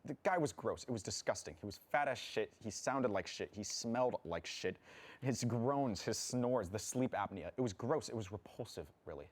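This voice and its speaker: A man's voice: lowish voice, animated, normal speed. A man playing a smug, scheming young man. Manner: smug, theatrical, disdainful. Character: smug, vain young man who schemes against his friend. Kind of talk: comedic student film acting.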